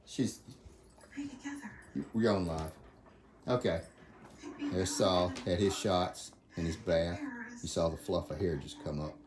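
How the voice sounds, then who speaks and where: A man's voice: sits low, fairly even intonation, takes it slowly, long pauses, noisy background. A middle-aged man with an Alabama accent, rambling in a folksy way as he hosts a casual live stream from his phone at home. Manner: folksy, rambling, talks to viewers by name. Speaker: livestream host.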